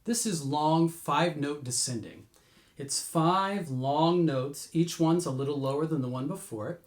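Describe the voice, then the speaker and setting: Man teaching vocal warm-ups in an echoey room. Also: measured pace. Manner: explains patiently, breaks into high sung demos. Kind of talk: vocal lesson with sung demonstrations.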